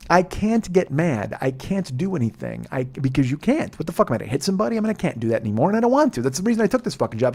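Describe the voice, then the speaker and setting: A man hosting a podcast, telling a profane, ranting comedic story that swings between muttering and loud exasperation. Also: a little high, gravelly. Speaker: podcast host. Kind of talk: rambling comedic monologue.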